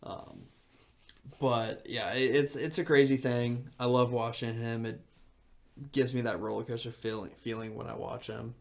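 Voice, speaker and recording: A man in his twenties co-hosting a podcast, rambling excitably in casual chat full of filler words. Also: medium pitch, moderate pace, gravelly. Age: 20s. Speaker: podcast co-host.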